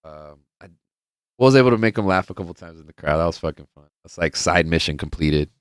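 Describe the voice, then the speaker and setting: A man's voice: sits low, lively intonation, brisk, smooth, dry recording, studio quality. A man hosting a casual solo podcast, telling rambling, profane stories full of fillers in a laid-back way. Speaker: podcast host.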